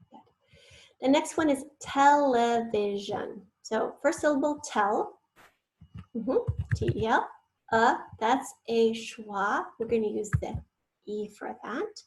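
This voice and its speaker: A woman's voice: a little high, darkish tone, a little hiss or hum, poor audio. A woman teacher giving an online spelling lesson, patiently sounding out words syllable by syllable and sometimes whispering the letters.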